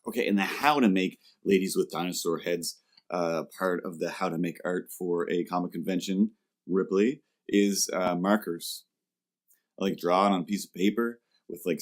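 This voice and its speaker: A deep-voiced podcast host tells a comic story in a comedic storytelling chat. He's animated, acting out the customers he quotes in jumpy voices.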